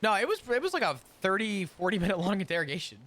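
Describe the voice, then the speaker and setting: A man's voice: high-pitched, big pitch swings, fast talker, background noise. A man in casual roleplay chat, rambling through long explanations and laughing often. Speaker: roleplay character in a court case.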